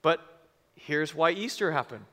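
A man preaching a sermon to a congregation, telling a personal story with lively acted-out quotes and sudden shouts. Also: fairly high pitch, a little slow. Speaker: pastor. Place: church service before a congregation.

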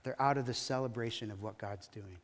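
A man's voice: medium pitch, fairly quick, in a large hall. A male pastor preaching a sermon in a church, telling the story emphatically with dramatic rises and falls. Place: church hall.

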